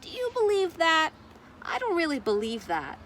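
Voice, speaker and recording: At a children's story time, a female librarian brings a picture book to life, putting questions to the kids as she goes. She speaks at normal speed in a very high voice, and the recording carries a little hiss or hum.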